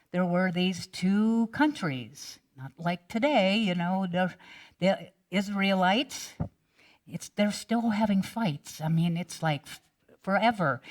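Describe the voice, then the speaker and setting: Slow-talking woman minister telling a story. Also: on the low side. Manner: casual, chatty storytelling with restarts. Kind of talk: sermon storytelling.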